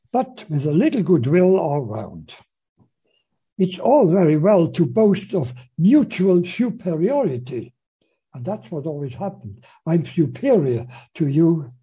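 A man's voice: on the high side, dark tone, slightly rough, poor audio. A man lecturing on a novel, hesitating with frequent fillers and restarts as he reads passages aloud. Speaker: literature lecturer.

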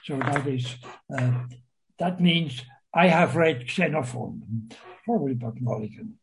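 A man giving a literature lecture, reading quoted lines aloud and explaining them, hesitant with many pauses and fillers. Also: medium pitch, creaky, slight background noise, low-quality recording. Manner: slow, hesitant, many uhs, reads quoted lines with raised voice.

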